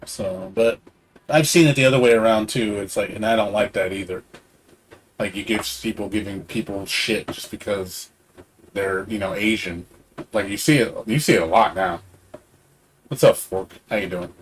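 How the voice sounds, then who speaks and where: A man's voice: on the low side, normal speed, slight background noise. A middle-aged man streaming a game, rambling in casual chat and swearing freely. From Hispanic background.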